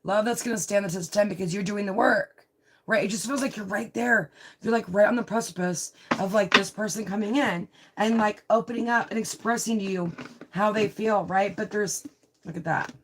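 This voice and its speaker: A woman's voice: mid-range voice, moderate pace, fairly bright tone. Woman tarot reader on a livestream; chatty, confiding delivery, mid-range voice, faint noise behind. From Italian heritage. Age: adult with a child. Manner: chatty, confiding, peppered with "right?" and "you know". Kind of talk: live tarot reading.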